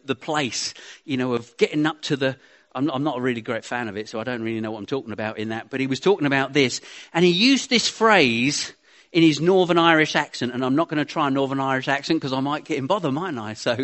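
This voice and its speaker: A man's voice: mid-range voice, a bit bright. A man giving an informal, chatty sermon to a congregation, rambling with self-deprecating asides. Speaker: preacher.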